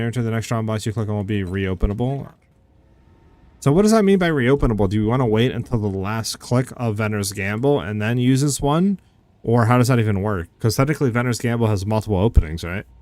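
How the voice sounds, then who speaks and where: A man's voice: fairly low pitch, fairly quick, darkish tone. A young man streaming a game, chatting casually and answering chat questions with lots of "like" fillers. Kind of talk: casual live-stream commentary.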